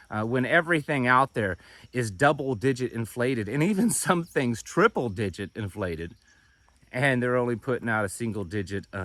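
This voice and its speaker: A man talks through the week's news in a casual, skeptical way, often restarting his sentences. His voice is lowish and bright with a forceful edge. The sound is dry and close, with no room around it. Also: dry recording. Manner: conversational, repeats words and restarts, skeptical asides. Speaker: homesteading channel host.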